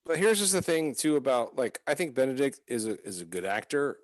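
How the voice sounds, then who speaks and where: Regular-pitched guy on a movie podcast, keeps restarting, dry close mic. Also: sing-song, a little fast, no room sound. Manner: hesitant, restarts and fills with "like". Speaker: podcast co-host. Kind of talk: casual film-discussion chat.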